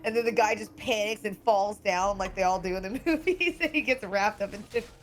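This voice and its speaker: A woman's voice: mid-range voice, brisk, soft background music. A young woman chatting casually on a gaming stream, laughing often as she improvises a silly story. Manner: giggly, animated storyteller. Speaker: streamer's guest player.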